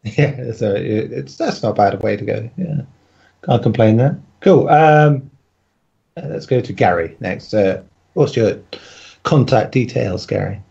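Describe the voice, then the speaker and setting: A man's voice: on the low side, animated, unhurried, vocal fry, warm tone, slightly rough. A man hosting a podcast in a laid-back, casual way, handing turns to guests. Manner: laid-back, chuckles between remarks. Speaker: podcast host. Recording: dull lo-fi audio.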